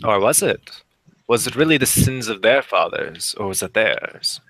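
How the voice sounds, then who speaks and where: A man's voice: lowish voice, animated, moderate pace, a bit bright, a little hiss or hum. A man doing a sly, condescending nobleman. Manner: smooth, predatory politeness.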